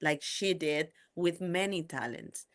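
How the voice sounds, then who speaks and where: A woman's voice: low-pitched, slow pace. A woman from Peru, hosting a podcast and chatting casually, telling stories with animation. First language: Spanish. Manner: animated storyteller who acts out quoted voices. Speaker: podcast host. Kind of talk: casual interview chat.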